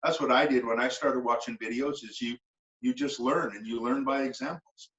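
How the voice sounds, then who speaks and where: Canadian dude explaining whisky plainly, kinda far from the mic, muffled, echoey. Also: male voice, medium pitch, fairly even intonation, moderate pace, a bit bright. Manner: matter-of-fact, explanatory. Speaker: co-host of a whisky tasting show. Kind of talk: casual tasting chat.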